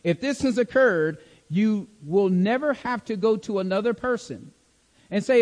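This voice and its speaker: A man's voice: sits high, measured pace, a little mellow, big-room sound. A man teaching a sermon-style Bible lesson, emphatic, repeating key phrases and checking in with the listeners. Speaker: preacher.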